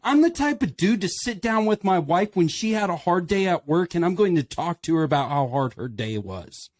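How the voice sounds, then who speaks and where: A man's voice: high voice, expressive, normal speed. A man in a casual podcast discussion, speaking with passion and firing off emphatic rhetorical questions. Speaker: podcast panelist.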